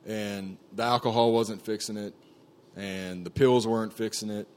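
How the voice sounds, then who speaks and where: With a lowish, steady voice at a moderate pace, a man on camp staff gives his personal testimony to a group. He sounds earnest and conversational, frequently filling pauses and restarting sentences.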